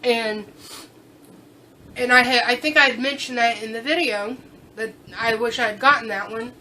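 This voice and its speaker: A woman's voice: fairly high pitch, moderate pace, pushed and bright, slight background noise, poor audio. A tipsy woman chatting casually as she shows off a haul, gushing and thinking aloud with fillers and restarts. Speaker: vlogger showing a haul. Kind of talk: casual vlog chat.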